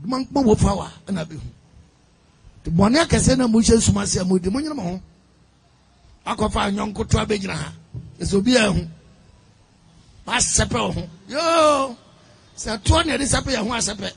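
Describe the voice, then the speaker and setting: A man's voice: high voice, normal speed, creaky, long pauses, breathy edge. A man with a Ghanaian accent preaching a sermon, emphatic, mixing in English phrases and sometimes half-singing his lines.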